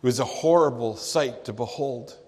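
A man acting as a grieving Jewish father in a dramatic first-person monologue, telling it in a slow, halting, hushed way. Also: medium pitch, lightly acted. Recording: long echoey hall reverb.

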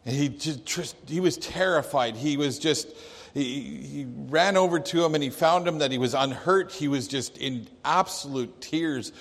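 A man preaching a sermon, telling a story slowly and deliberately, with some restarts. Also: medium pitch, big-room sound. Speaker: pastor.

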